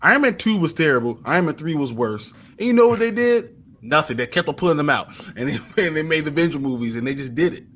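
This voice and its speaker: A man's voice: fairly high pitch, lively intonation, fast, a bit bright. A man co-hosting a podcast, talking casually in short emphatic bursts. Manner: emphatic, rants in short punchy lines. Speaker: podcast co-host. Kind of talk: casual chat.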